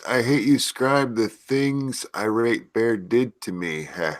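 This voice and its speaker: A man's voice: mid-range voice, takes it slowly, dry recording, clean studio sound. A man hosting a live stream in casual chat, stuffy and unwell, joking and swearing as he goes. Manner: joking, profane, easily sidetracked. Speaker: stream host.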